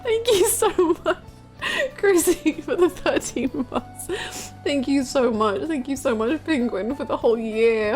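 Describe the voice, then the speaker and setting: A woman's voice: sits high, lively intonation, measured pace, a little mellow, soft background music. A woman streamer chatting casually and rambling, giggling as she gushes over a game character. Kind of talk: casual live-stream chat.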